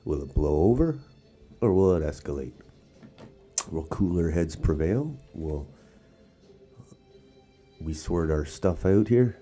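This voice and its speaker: A man's voice: low-pitched, lively intonation, takes it slowly, pauses often, dark tone, breathy edge, faint music behind. A man from Canada hosting casual political commentary, rambling with frequent restarts and asides. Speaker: host. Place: outdoors or casual setting in Sarnia.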